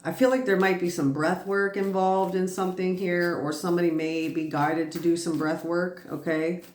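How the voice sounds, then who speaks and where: A tired woman giving a casual, reassuring spiritual tarot reading, chatty and quick to laugh. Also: fairly low pitch, little pitch movement, darkish tone. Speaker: tarot reader. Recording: roomy echo.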